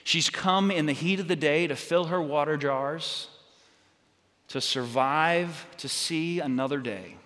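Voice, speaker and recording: A man preaching a sermon as pastor, telling stories in a halting way with many restarts and fillers. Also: on the high side, fairly bright tone, big-room sound.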